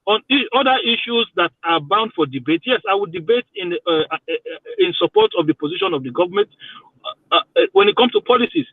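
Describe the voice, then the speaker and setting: A man's voice: high-pitched, sing-song, brisk, vocal fry, no echo. A Nigerian man defending himself on a debate panel, stammering into restarts as he talks. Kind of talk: heated debate. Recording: tinny phone line.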